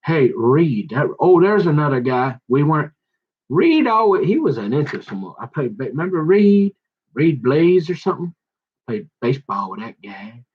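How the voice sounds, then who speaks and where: A man with a fairly high voice, talking in a loose, slangy monologue that drifts from one story to the next. He keeps restarting his sentences and gets excitable along the way. The recording sounds a little dull and lo-fi. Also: normal speed, husky. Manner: rambling, jumps between topics, keeps restarting. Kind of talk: rambling monologue.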